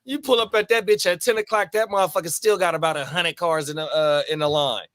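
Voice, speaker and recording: Bright-voiced man in a loose podcast chat. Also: fairly high pitch, quick pace, no room sound. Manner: relaxed, slangy, filler-heavy. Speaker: podcast co-host. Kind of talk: casual chat.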